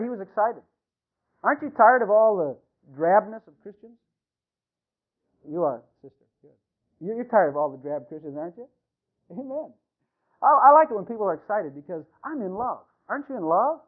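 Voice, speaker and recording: A man who is a pastor, preaching an animated sermon to his congregation and calling out to them. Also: very high voice. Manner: animated, talks to the congregation, many fillers. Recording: tinny phone-like radio sound.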